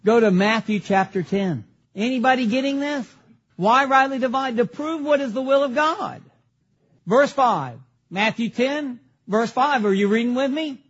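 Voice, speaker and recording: A man's voice: very high voice, lively intonation, moderate pace, breathy edge, dull audio. A man preaching a sermon from a pulpit, emphatic, firing questions at the congregation and answering them himself. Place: church sanctuary at a pulpit.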